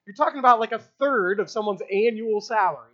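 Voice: mid-range voice, fairly quick, fairly bright tone, lo-fi sound. A preacher giving an expository sermon in a conversational way, asking rhetorical questions and using casual fillers.

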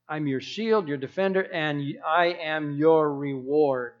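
A man's voice: a little high, takes it slowly, few pauses. Brief: a conversational male preacher with a slightly raised voice and dull sound. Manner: conversational, rhetorical questions, frequent restarts. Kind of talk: sermon.

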